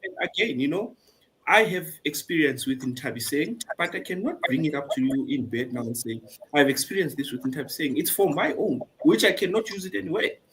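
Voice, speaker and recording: A man talks frankly and earnestly on a panel. His voice sits a little higher than most men's, and he speaks in the tone of someone giving sincere advice. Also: expressive, a little fast, fairly bright tone, slight background noise. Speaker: panel guest. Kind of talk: candid personal panel talk.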